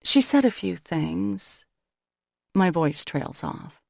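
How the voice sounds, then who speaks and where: A woman reading a novel aloud in the first person, with a wry, expressive delivery. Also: lowish voice, takes it slowly, creaky, no echo, clean studio sound. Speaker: audiobook narrator.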